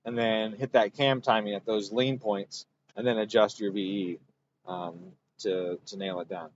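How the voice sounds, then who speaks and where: A man tunes an engine while streaming a dyno session, talking casually about the technical work and thinking aloud, rambling and correcting himself as he goes. His fairly low voice is unhurried with fairly even intonation, in a muffled recording with a little hiss or hum.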